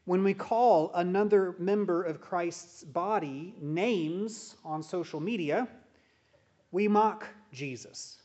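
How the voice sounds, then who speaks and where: High-voiced man preaching slowly. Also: darkish tone. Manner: measured, deliberate delivery with emphatic pauses. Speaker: pastor. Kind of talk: sermon. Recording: dull, muffled sound.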